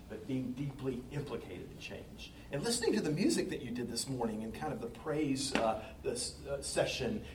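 A man's voice: medium pitch, a little mellow, roomy sound, far from the mic, slight background noise, rough recording. A man in his fifties from the Southern United States, a pastor speaking to a congregation in a folksy, engaging way. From Southern US, North Carolina. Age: 50s. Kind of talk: talk to a congregation. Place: church sanctuary.

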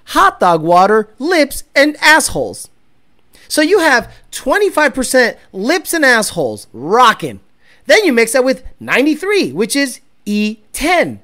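A woman hosting a casual livestream as a car tuner, profane and animated, laughing often. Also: sits high, measured pace. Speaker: car tuner and stream host.

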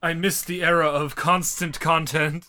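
A man's voice: on the high side, flat delivery, moderate pace, sharp tone. A man co-hosting a casual podcast chat, firing off short sarcastic quips. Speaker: podcast co-host.

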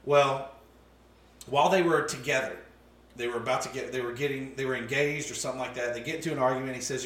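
Animated man telling stories in an echoey room. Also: mid-range voice, fast talker. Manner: animated, profane, laughs while telling. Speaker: podcast guest telling family stories. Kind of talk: casual storytelling chat. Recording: roomy sound from a distant mic, faint noise.

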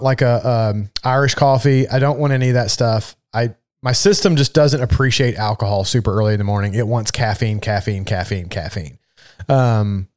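A young man with a stuffy sinus infection co-hosts a casual live stream. He talks in relaxed, profane banter and keeps things easygoing. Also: mid-range voice. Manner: profane, laid-back banter. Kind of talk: casual chat.

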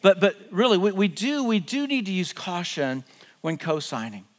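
A middle-aged man preaching a sermon earnestly, often dropping to hushed, drawn-out words for emphasis. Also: high-pitched, sing-song. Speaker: pastor. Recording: long hall reverb, faint music behind.

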